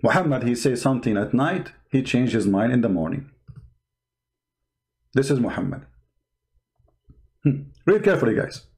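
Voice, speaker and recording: A man's voice: mid-range voice, lively intonation, normal speed, long pauses, a little mellow. A man giving mocking, emphatic commentary on video clips as a show host.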